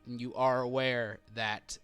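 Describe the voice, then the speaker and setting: A man's voice: medium pitch, level tone, a little slow, fairly bright tone, clear, resonant tone, no echo, faint music behind. A man narrating as game master of a tabletop game, descriptive, sometimes correcting himself mid-sentence.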